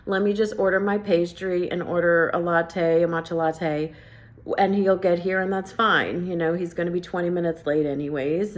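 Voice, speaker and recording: A woman recounting a story straight to camera in a casual vlog. Her voice sits a little low, and she jumps into quoted dialogue with lively, animated shifts. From New Jersey. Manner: animated, acts out both sides of conversations. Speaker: vlogger.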